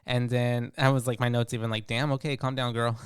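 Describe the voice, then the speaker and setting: A man co-hosting a casual movie recap chat, laid-back and often trailing off into quiet mumbles, with sudden bursts when acting out characters. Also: medium pitch, flat delivery, brisk, clear, resonant tone, no echo, studio quality. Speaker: podcast co-host.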